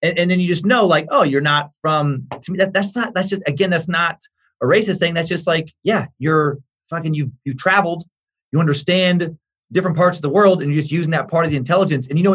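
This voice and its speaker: A man's voice: a little high, a bit bright, breathy edge. A man, a comedian guest on a podcast, riffing in an opinionated, profane way with many fillers. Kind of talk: casual podcast chat.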